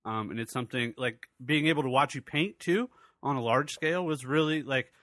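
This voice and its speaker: A man's voice: mid-range voice, brisk, fairly bright tone, no room sound. A man hosting his podcast in casual chat, rambling and loose, swearing freely. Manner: rambling, loose and profane, with many fillers. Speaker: podcast host.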